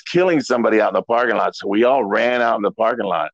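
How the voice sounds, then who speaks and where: A middle-aged man, a former wrestler, telling stories in a relaxed, rambling way as an interview guest. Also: lowish voice, fast, no room sound. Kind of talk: casual storytelling interview. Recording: dull lo-fi dry audio.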